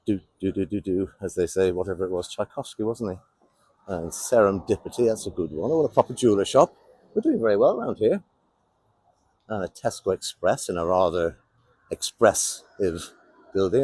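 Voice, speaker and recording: A man's voice: lowish voice, animated, fairly quick, darkish tone, husky, no room sound. A man with an English accent giving wry, sardonic running commentary as he walks around a town outdoors. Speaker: vlogger on a town walk. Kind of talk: casual walking commentary.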